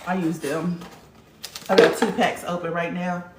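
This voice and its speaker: A woman's voice: on the low side, level tone, a little slow, distant mic, background noise. Brief: a woman vlogging in a blunt, profane, emphatic voice, in an echoey room slightly off-mic. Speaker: spiritual vlogger. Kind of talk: casual monologue to viewers.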